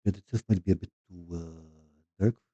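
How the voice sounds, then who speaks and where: Soft-spoken low-voiced man painting minis. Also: moderate pace, dry recording, highs cut off. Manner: soft-spoken, trails off quietly mid-thought. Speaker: miniature painter. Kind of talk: casual painting tutorial.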